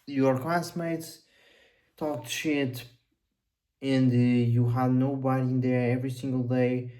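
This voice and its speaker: A man's voice: mid-range voice, warm tone, low-quality recording. A young man giving a blunt, profane motivational monologue as a coach, rambling and intense.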